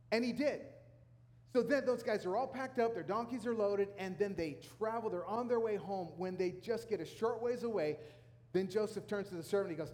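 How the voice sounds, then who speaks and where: Male pastor, sermon storyteller who voices the characters, high pitch, reverberant hall. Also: moderate pace, a little mellow. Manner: retells scripture in casual speech, acting out the characters' lines.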